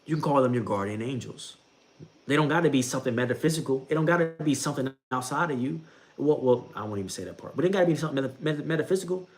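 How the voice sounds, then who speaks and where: A young man giving a casual talk about faith, repeating himself a lot and calling the listener bro. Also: on the high side. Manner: repetitive, conversational, says bro a lot, laughs at own jokes. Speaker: bible reading streamer.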